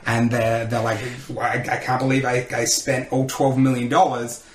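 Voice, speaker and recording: A man, a comedian telling lively stories in a podcast interview and acting out the voices of people he quotes. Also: medium pitch, moderate pace, echoey room. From Australia. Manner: animated storyteller who acts out quotes. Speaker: comedian and radio host, podcast guest. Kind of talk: casual interview storytelling.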